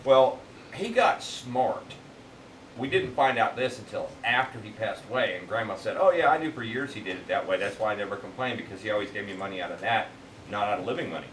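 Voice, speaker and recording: Low-voiced man heard from across a roomy space. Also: animated, brisk, a bit bright, slight background noise. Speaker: bar chat participant. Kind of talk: casual bar chat storytelling. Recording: roomy, distant mic with faint ambience.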